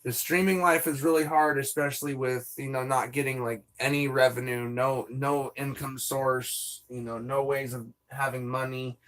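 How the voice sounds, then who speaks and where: A man's voice: medium pitch, level tone, normal speed, few pauses, a bit bright. A young man streaming live, chatting casually and venting with lots of swearing and rambling asides.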